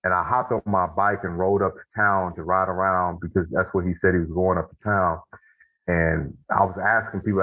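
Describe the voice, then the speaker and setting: Casting: deep-voiced man, husky, earnest storyteller, heard through a tinny phone-like line. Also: fairly even intonation. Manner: earnest storytelling, slows for emphasis. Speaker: podcast guest, author. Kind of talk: casual conversation. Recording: phone-like narrow band.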